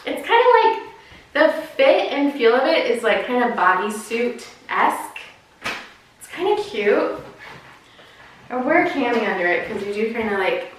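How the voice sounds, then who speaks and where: A woman's voice: on the high side, lively intonation, unhurried, a little hiss or hum. A woman casually chatting through an unboxing and try-on of clothes, gushing and talking to the items as she goes. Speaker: clothing subscription box reviewer. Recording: echoey room, mic at a distance.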